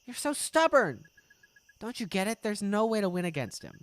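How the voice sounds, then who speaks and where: A woman's voice: medium pitch, sing-song, normal speed, dry recording, voice pushed up, lightly acted. A woman voicing an anxious, resigned older brother who pleads in a subdued voice. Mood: worried.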